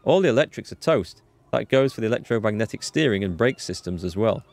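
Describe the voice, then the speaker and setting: A man voicing a calm, tactful male police lieutenant in a measured, patient, polite way. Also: lowish voice.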